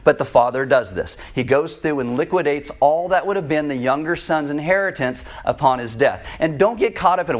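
A man preaching a sermon, retelling a parable in an animated, conversational way. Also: fairly high pitch, fairly quick, hardly any pauses. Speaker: pastor.

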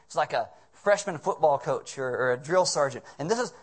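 Jokey, animated male preacher. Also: fairly high pitch, a little fast. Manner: jokey, animated, casual asides. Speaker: pastor. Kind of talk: comedic sermon.

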